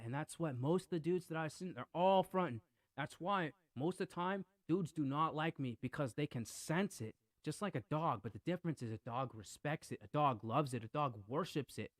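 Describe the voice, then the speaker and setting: A man rambles through casual podcast talk, stressing words and repeating himself in an earnest, brooding way. His voice sits somewhat high for a man. The room sound is dry and close. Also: normal speed, no room sound. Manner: rambling, emphatic, repeats "literally".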